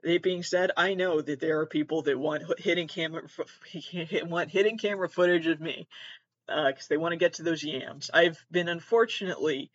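A man hosting a podcast, ranting in a profane, self-deprecating way, with sudden loud outbursts and mumbled asides. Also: a little high, fairly even intonation, moderate pace, no echo, muffled recording. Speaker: podcast host. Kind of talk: comedic rant.

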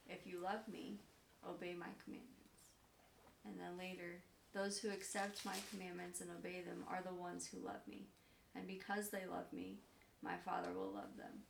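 Bible study member, woman, gravelly, steady scripture reader; distant, roomy recording. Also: fairly low pitch, normal speed. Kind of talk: reading scripture aloud. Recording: echoey room, from a distance, faint noise.

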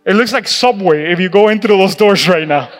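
Animated high-voiced male pastor preaching. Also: fairly quick. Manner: animated, laughing, acts out quoted voices. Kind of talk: sermon. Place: church sanctuary. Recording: reverberant church hall with music.

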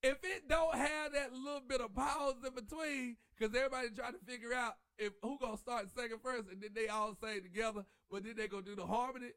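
Guy w a high voice hosting a show, dry close sound, gets all churchy n sings bits. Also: fast, few pauses, clean tone, no echo. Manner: animated, preachy, sings church lines. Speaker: podcast host. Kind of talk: casual chat.

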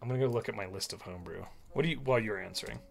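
A man chatting casually as a podcast co-host and game master, relaxed and rambling with lots of filler words. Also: lowish voice, racing, creaky, soft background music. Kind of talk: casual chat.

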